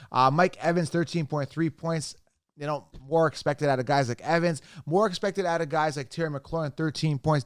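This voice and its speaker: A man with a somewhat high, smooth, clear voice, hosting his own sports show. He talks bluntly and emphatically. The sound is dry and close, with no room echo. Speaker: fantasy football show host. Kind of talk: energetic solo sports commentary.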